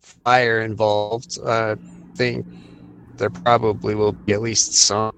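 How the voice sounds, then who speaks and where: Slow-talking man at a game table. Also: fairly low pitch, level tone, fairly bright tone, slight background noise. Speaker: player. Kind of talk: casual tabletop play.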